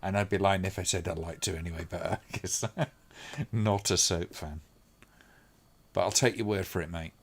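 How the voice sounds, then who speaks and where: Man, low voice, wry, laughs a lot, casual film watch-along chat. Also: fairly even intonation, normal speed, gravelly, husky. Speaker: film commentary co-host.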